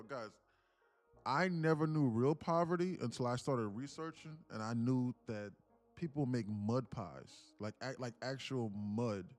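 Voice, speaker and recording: A man hosting a live day-trading stream, chatting casually with viewers, joking and swearing freely. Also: medium pitch. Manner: profane, joking, laughs often, lively delivery. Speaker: livestream day trading host. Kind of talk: casual livestream chat.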